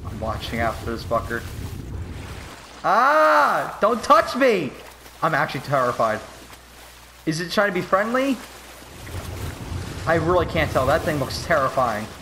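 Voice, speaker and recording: A young man giving casual gaming commentary, swinging from mock grief to frantic yelling and swearing. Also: fairly high pitch, expressive, normal speed, long pauses, slight background noise, poor audio. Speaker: gameplay commentator.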